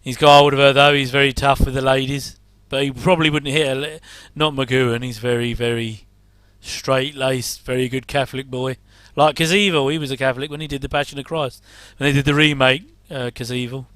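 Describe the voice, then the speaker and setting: A man's voice: medium pitch, flat delivery, brisk, hardly any pauses, fairly bright tone, smooth, no echo. A middle-aged man giving rambling casual commentary while watching an old TV episode, with wry asides and chuckles.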